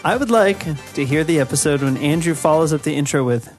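A man's voice: a little high, expressive, fairly quick, faint music behind. A man co-hosting a podcast, joking and teasing in casual chat. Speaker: podcast co-host.

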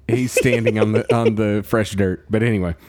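A man co-hosting a film review podcast, chatting casually, laughing often and putting on high voices for characters. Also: steady tone, moderate pace, darkish tone. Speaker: podcast co-host.

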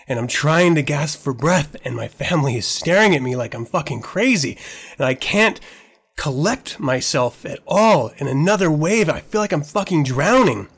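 A man's voice: mid-range voice, expressive, moderate pace. A man hosting his own podcast, talking candidly and with a lot of profanity, emotional as he relives a painful moment. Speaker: podcast host. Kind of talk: casual podcast monologue.

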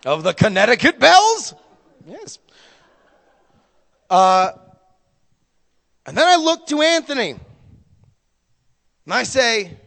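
A young man doing stand-up storytelling, profane and animated, with sudden loud bursts. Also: very high voice, slow pace, gravelly, long pauses, in a large hall. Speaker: stand-up comedian.

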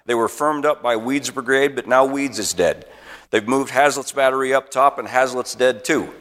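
Man acting out breathless young messenger, gasping, raised pitch, echoey hall. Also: normal speed, fairly bright tone, close to an everyday voice.

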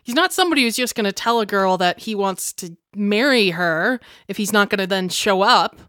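A woman's voice: medium pitch, lively intonation, brisk, fairly bright tone, no room sound, close to an everyday voice. A woman playing a stubborn, loyal young niece who speaks earnestly, with a dry close sound.

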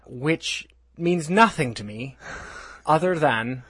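A man's voice: on the high side, expressive, slow, fairly bright tone, husky, no room sound. A young man co-hosting a comedy podcast, teasing his friend in a wry, joking way and laughing often. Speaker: podcast co-host. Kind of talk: casual comedy chat.

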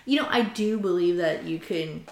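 A woman's voice: fairly low pitch, normal speed, creaky, darkish tone. A woman co-hosting a podcast in casual chat, telling stories with quoted asides. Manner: chatty, storytelling with laughs and quoted asides. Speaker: podcast co-host. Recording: roomy echo.

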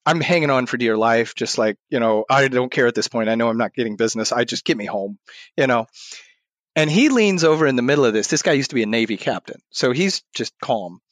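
In a podcast interview, a male guest with a mid-range voice tells stories animatedly, acting out what he said back then. The recording has no echo.

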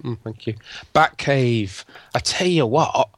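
A man co-hosting a podcast, telling an excited, halting story in casual chat. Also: mid-range voice, no echo. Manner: enthusiastic, hesitant storyteller with many restarts. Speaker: podcast co-host.

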